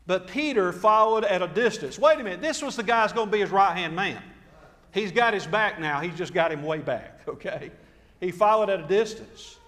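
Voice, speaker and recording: A man's voice: sits high, moderate pace, fairly bright tone, in a large hall. A man preaching a sermon, telling the story dramatically and acting out the quotes. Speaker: pastor.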